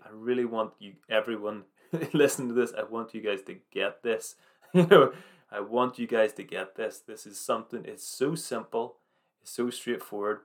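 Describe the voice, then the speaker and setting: A man giving an earnest, informal devotional talk, reading scripture aloud with halting restarts and slow emphatic phrases. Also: on the low side. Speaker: preacher.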